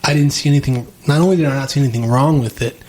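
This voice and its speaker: A man's voice: medium pitch, racing, a little mellow. A young man hosting a podcast in a casual conversation, blunt and profane, saying "dude" a lot. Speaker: podcast host. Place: home basement studio.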